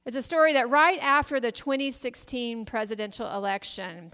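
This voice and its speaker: Smooth-voiced woman pastor in echoing sanctuary. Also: on the high side, a bit bright. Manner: conversational storytelling, asks the congregation questions. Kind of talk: sermon.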